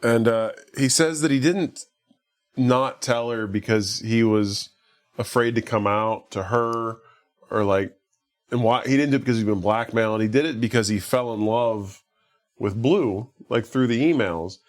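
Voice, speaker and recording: On a podcast, a male co-host with a mid-range, unhurried voice casually recaps a movie. He rambles, says "like" constantly, and acts out the characters' lines.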